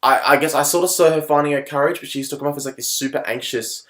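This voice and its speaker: A man co-hosting a casual film review podcast, animated and swearing, often mocking characters in put-on voices. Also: a little high, fast, roomy sound. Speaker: podcast co-host.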